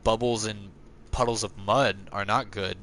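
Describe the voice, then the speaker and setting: A man plays a racing game on a live stream at a moderate pace, chatting casually with his audience and joking at his own expense. Chatty and self-mocking, he yelps high in excitement during races. The recording carries a little hiss or hum.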